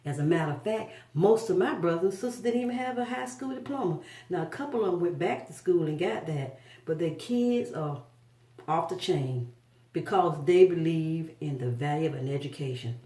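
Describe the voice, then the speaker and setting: Mellow preachy woman, echoey room. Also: lowish voice, lively intonation, normal speed. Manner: preachy, emphatic, repeats phrases for emphasis. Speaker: vlogger giving life and business advice. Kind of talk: motivational talk. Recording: echoey room, mic far off.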